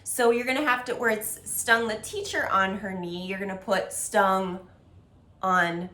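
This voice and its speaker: A woman's voice: mid-range voice, fairly even intonation, unhurried, pushed and bright, echoey room. A woman teaching a music lesson to young children, with an encouraging, sing-song delivery that breaks into rhythmic chants.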